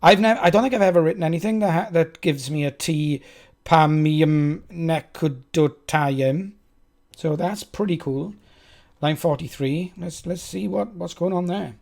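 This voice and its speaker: A man with a Welsh accent, talking through his code on a live stream. His voice sits a touch high, and he chats with his viewers in a loose, self-mocking way. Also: normal speed, vocal fry, darkish tone. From Wales. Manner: chatty, self-mocking, talks to chat. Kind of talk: thinking aloud while coding live.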